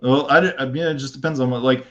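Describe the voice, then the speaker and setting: A man's voice: medium pitch, steady tone, quick pace, a bit bright, muffled recording. A man chatting as a podcast guest, rambling and playful, with many fillers and restarts. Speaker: guest, content creator. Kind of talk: casual podcast chat.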